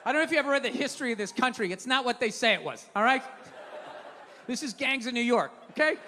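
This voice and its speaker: A middle-aged man doing a loud, swearing stand-up rant on stage, heard with the reverb of a live hall and an audience. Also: very high voice, lively intonation, fast. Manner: loud, ranting, swearing, mocking. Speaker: stand-up comedian. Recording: live hall with crowd and faint noise.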